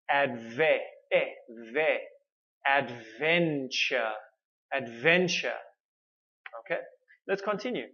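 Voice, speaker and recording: A man teaching English pronunciation, modelling words slowly and repeating each one with exaggerated mouth shapes. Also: on the high side, fairly bright tone, dull audio. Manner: slow, drawn-out modelling of words with many repeats. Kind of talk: pronunciation lesson.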